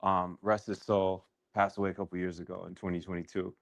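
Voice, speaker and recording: A man with a deep voice leading a workshop session, telling a candid personal story in a reflective, halting way with many restarts. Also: flat delivery, gravelly, dry recording.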